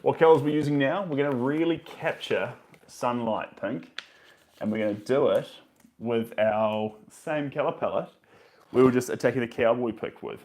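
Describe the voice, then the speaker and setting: A man's voice: medium pitch, normal speed, darkish tone. A man, chatting casually to his live stream viewers while he paints, muttering to himself between remarks.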